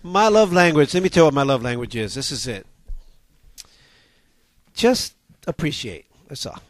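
A man co-hosting a casual talk show, animated and rambling, often repeating himself as he makes a point. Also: on the high side, normal speed, no room sound. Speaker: co-host. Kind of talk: casual radio chat.

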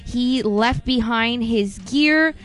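A woman's voice: fairly high pitch, slow pace, fairly bright tone, faint music behind. A woman co-hosting a casual talk show, chatty and giggly, rambling through stories and then reading the news aloud. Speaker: co-host.

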